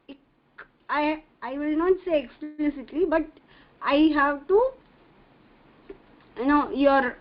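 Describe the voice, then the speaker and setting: A woman leads an online reading class, breaking each word into syllables and repeating them with great patience. She talks very slowly, and the audio is dull and lo-fi, like a video-call recording. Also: high-pitched. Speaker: Tamil reading teacher. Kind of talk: slow online language lesson.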